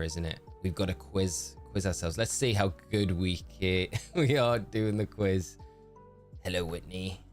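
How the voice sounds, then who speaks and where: A man casually commentating his game stream, thinking aloud and greeting viewers in chat. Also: low voice.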